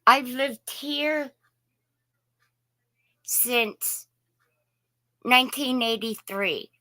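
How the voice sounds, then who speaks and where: A woman from Indiana runs a casual morning live stream, greeting each viewer by name in a friendly, folksy way. She speaks slowly and unhurriedly in a bright, slightly high voice, and the recording is dry and close with no room echo.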